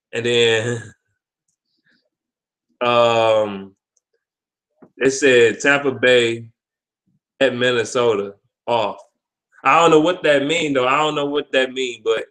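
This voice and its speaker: A man's voice: medium pitch, fairly bright tone, rough recording. Blunt, swearing man talking sports picks. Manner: blunt, profane trash talk with frequent repeats and restarts; stumbles over words. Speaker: vlog host giving sports picks. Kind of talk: casual sports prediction talk.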